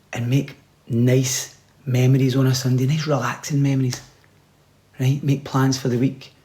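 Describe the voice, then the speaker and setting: A man giving rambling, deadpan comic advice, sometimes dropping to a whisper. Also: medium pitch. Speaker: comedian. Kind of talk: comic monologue.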